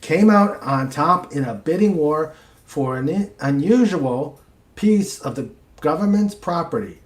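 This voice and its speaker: A man's voice: fairly high pitch, animated, echoey room. A man hosting a casual chat show, reading out odd news stories with asides. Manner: slow, reads news items aloud with asides. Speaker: host.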